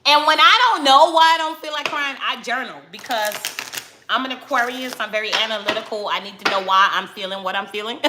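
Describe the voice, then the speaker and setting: A woman with a Brooklyn accent talking casually and candidly, loud and direct, in a reflective vlog. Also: on the high side, a little fast, roomy sound, a little hiss or hum. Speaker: spiritual vlogger, tarot reader.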